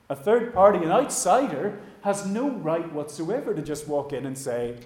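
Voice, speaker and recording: A man's voice: fairly high pitch, big pitch swings, normal speed, hardly any pauses, darkish tone. A man preaching a sermon, talking conversationally and addressing his congregation directly in a church hall. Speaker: pastor.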